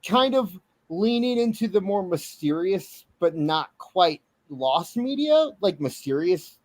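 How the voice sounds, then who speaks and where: A man chatting as a livestream panelist, rambling and halting but easygoing. His voice is fairly high for a man. The recording is dry and close to the mic. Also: sing-song, darkish tone, dry recording. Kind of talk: casual livestream chat.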